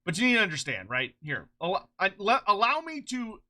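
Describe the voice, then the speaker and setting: A streamer chatting casually on a live stream, excitable and rambling, swearing freely and laughing often, short on sleep. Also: medium pitch, normal speed. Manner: rambling with frequent restarts.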